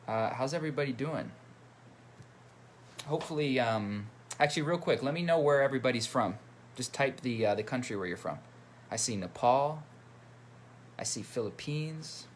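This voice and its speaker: At home by his computer, a male musician hosts a casual livestream, chatting and reading viewer comments aloud while greeting them. His voice is medium-pitched at normal speed, he pauses often, and there's slight background noise.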